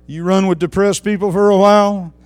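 A high-voiced man preaching with fiery passion. He swings from near-shouted praise down to low, hushed asides. Faint music plays softly beneath his voice. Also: steady tone, fairly quick, dry recording. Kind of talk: sermon.

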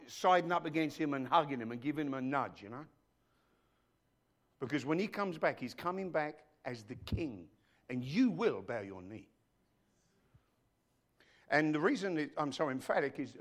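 A man preaches to his congregation as their pastor, his voice sitting in an ordinary middle pitch. He is emphatic, sinking to a near hush before swelling back to loud declarations, and often calls out to the listeners directly. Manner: emphatic, swinging between hushed and loud. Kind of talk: sermon. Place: church.

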